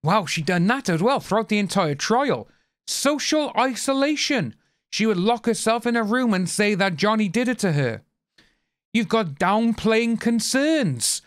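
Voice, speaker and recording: A man's voice: very high-pitched, lively intonation, measured pace, no room sound, studio quality. A man hosting a casual commentary, reading news aloud and adding opinionated, rambling asides. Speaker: channel host.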